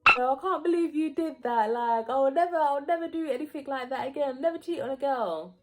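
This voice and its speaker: A sheepish young ex-boyfriend pleads for forgiveness, as a woman puts him on while telling a story in a vlog. His voice sits high and lively, close to her own everyday talk. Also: fast, faint music behind. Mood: pleading. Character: young man, an ex-boyfriend caught cheating.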